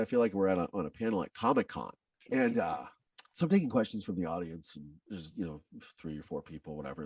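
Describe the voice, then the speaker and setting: A man in his thirties as a podcast guest, telling a personal story earnestly, his voice dropping low when he is moved. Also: darkish tone, breathy edge, no echo, far from the mic.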